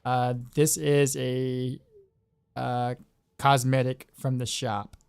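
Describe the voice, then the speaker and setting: A man's voice: mid-range voice, level tone, takes it slowly, vocal fry, clear, resonant tone. A man chatting casually while streaming a game. He laughs often and repeats himself. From Southeastern United States. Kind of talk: casual chat while gaming.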